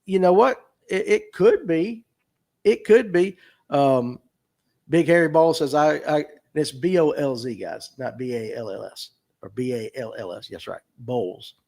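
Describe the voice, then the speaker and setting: A man's voice: on the high side, a little slow, vocal fry, darkish tone. A man in his fifties with a North Georgia Southern drawl, hosting a fishing show and chatting folksily while reading out viewer comments. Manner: folksy, chatty, answers chat questions aloud. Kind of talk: casual livestream talk reading viewer comments.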